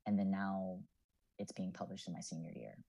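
Mellow husky-voiced young man. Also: deep voice, little pitch movement, moderate pace, low-quality recording. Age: 20s. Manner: reflective, earnest, with many fillers. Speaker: podcast guest, student writer. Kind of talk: casual podcast chat.

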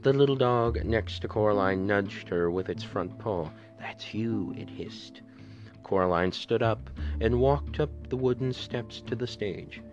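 A man reading a storybook aloud as a podcast narrator, in a measured, steady way. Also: on the low side. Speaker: podcast reader. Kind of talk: audiobook narration. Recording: dull lo-fi with faint music.

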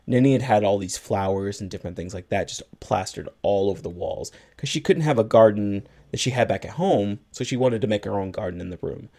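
Male podcast co-host with a lowish voice, retelling a movie in easy chat. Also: brisk, few pauses, warm tone. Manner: retells a film plot at length, acting out lines of dialogue. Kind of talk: casual movie recap chat.

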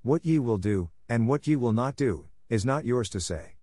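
A man's voice: medium pitch, animated, normal speed, warm tone, no room sound, clean studio sound, natural voice. A man voicing a fierce, defiant boy raised by wolves in a storybook reading, commanding in manner.

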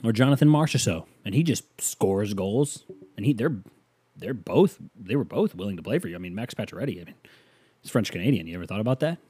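A man riffing loosely on his own podcast, joking and jumping up in pitch when he gets excited. His voice is mellow and dark. It sounds dry and close, as if recorded in a small room. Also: a little fast, slightly rough, no echo. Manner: loose, joking, animated with sudden pitch jumps. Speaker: podcast host. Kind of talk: casual solo podcast chat.

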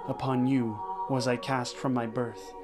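A man's voice: medium pitch, little pitch movement. Solemn man reading scripture over music. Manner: measured, solemn reading in short phrases. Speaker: rosary prayer leader. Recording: voice over clear background music. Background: sacred choral music.

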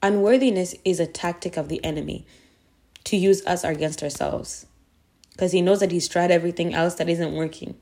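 Woman host for a faith podcast: earnest, emphatic repetition, lower-middle voice. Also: normal speed, dark tone. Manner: earnest, repeats phrases for emphasis. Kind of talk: devotional podcast talk.

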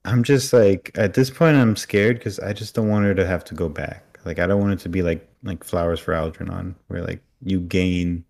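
A man's voice: sits low, fairly even intonation, normal speed, gravelly, few pauses, a little mellow. A man co-hosting a podcast, casually recapping an episode and acting out characters' lines as he retells scenes. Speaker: podcast co-host.

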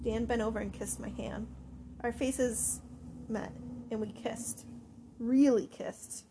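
A woman narrating a first-person audiobook with an expressive, animated reading. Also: on the high side, unhurried, noisy background.

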